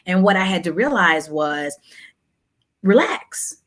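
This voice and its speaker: A woman in her thirties talks openly, stacking short repeated phrases to drive a point home. Her voice leaps high and loud whenever she quotes someone. She sounds unhurried and personal. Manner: animated, repeats phrases for emphasis, jumps high when quoting. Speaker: guest. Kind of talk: candid conversational storytelling.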